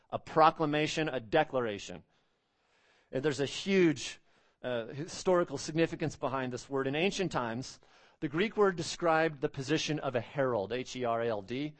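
A man's voice: a little high, normal speed. A man preaching an expository sermon as pastor, earnest and emphatic, repeating phrases and stretching out key words.

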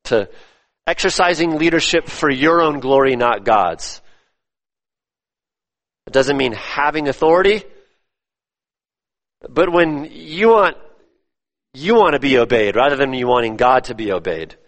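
A man preaching a sermon, emphatic, repeating his phrases and swinging between loud stresses and hushed drops. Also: mid-range voice, lively intonation, measured pace, long pauses. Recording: long reverb of a church hall.

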